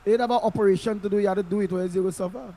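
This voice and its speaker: A man's voice: high voice, fairly even intonation, racing, dark tone. A man with a Trinidadian accent giving impassioned political commentary, emphatic and repetitive, in local Creole phrasing, heard through an online call-in mic.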